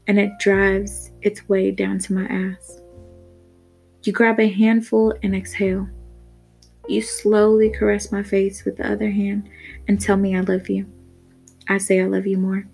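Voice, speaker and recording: A woman's voice: medium pitch, gravelly, darkish tone, breathy edge. A woman hosting a podcast, narrating an erotic first-person story in a candid, casual way and swearing freely. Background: faint guitar music.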